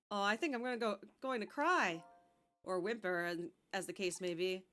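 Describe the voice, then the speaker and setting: A woman's voice: mid-range voice, normal speed, a bit bright, faint music behind. A woman streaming a video game, playful and thinking aloud as she plays. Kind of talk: casual game commentary.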